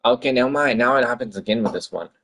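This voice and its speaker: A man's voice: medium pitch, quick pace, fairly bright tone. A man streaming his game-development work, talking to himself in an exasperated, swearing rant. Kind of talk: livestream commentary while working.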